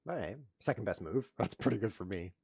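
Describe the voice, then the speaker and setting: Male chess streamer thinking aloud as he plays, lowish voice with a wide, bouncy pitch range, deadpan self-mockery broken by yelps. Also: fairly quick, vocal fry, husky, no room sound, clean studio sound. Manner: self-mocking deadpan jokes with sudden yelps over blunders. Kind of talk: live-stream commentary while playing.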